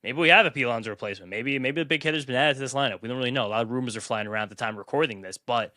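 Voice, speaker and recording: Fast-talking bright-voiced man co-host. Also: medium pitch, dry recording, studio quality. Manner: eager, chatty, lots of "like". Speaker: podcast co-host. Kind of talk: casual sports chat.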